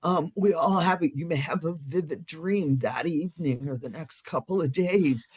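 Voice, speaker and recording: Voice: mid-range voice, normal speed, darkish tone, breathy edge. A co-host in a live-streamed spiritual discussion, talking bluntly and emphatically, with earthy swearing.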